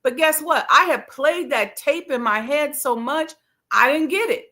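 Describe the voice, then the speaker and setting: A middle-aged woman tells a personal story in a relaxed, conversational way, acting out her own inner voice. Her voice is bright and sits a little high, and fillers run all through her talk. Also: unhurried. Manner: casual, conversational with frequent fillers. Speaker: host, life coach. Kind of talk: storytelling monologue.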